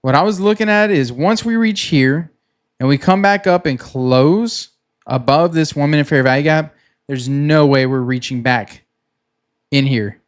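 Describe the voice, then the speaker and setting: A man casually talking through his trading session on a screen share, relaxed and chatty, pointing at the chart as he explains. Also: a little high. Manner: relaxed and chatty, many "like"s, quick laughs; talks himself through the chart while pointing at it. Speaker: futures trader recapping his trading session.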